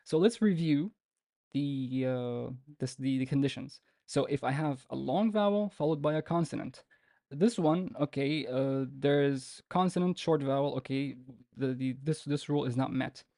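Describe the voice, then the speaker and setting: A man teaching a live online beginner lesson, patient and informal, repeating example words slowly many times. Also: medium pitch, vocal fry, no room sound, clean studio sound. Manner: relaxed and informal, with fillers and restarts. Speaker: Arabic teacher.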